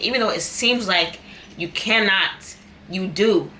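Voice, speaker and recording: A young woman vlogger chats casually over a meal in a mid-range voice with a sharp tone, speaking at normal speed. She's candid and repeats herself for emphasis, with slight background noise behind her.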